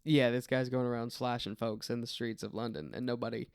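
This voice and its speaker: A man's voice: medium pitch, steady tone, a little fast, clean tone, no room sound, clean studio sound. An American man co-hosting a podcast in casual, rambling chat, laughing often. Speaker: podcast co-host. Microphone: dynamic vocal mic.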